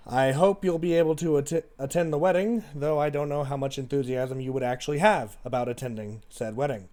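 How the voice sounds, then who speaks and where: A man's voice: mid-range voice, a little fast, a little mellow. A man acting as game master, narrating a tabletop game in a playful, joking way. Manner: playful, stumbles and jokes while reading. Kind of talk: tabletop game narration, reading a letter aloud.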